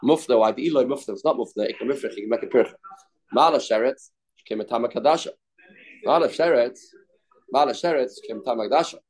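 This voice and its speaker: A man leading a Talmud study class, his voice at an ordinary middle pitch. He chants phrases over and over in a sing-song rhythm and mixes English with Hebrew and Aramaic terms. He stops now and then to answer students' questions. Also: quick pace, darkish tone. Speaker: Talmud teacher.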